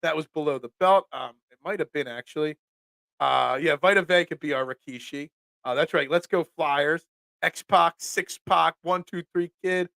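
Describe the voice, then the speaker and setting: A man's voice: fairly high pitch, normal speed, creaky, fairly bright tone, dry recording. A man hosting a casual live-stream sports show from a home room full of memorabilia, upbeat and rambling as he reacts to viewer comments.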